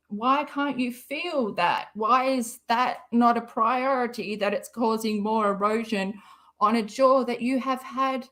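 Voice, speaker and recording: A woman talks at an unhurried, drawn-out pace in a fairly high voice. She hosts a casual live stream, rambling and mocking with a sarcastic edge. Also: a bit bright. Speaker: live-stream commentary host.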